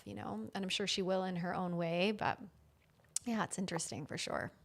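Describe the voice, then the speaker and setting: A woman hosting a casual conversation, talking in a reflective, halting way with many fillers. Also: on the low side, steady tone, vocal fry. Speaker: host.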